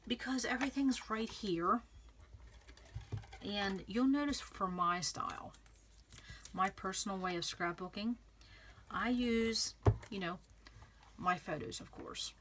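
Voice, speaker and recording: A woman with a mid-range, slightly bright voice vlogs a scrapbooking tutorial, chatting casually and thinking aloud as she works while often checking in with the viewer. Slight background noise is audible.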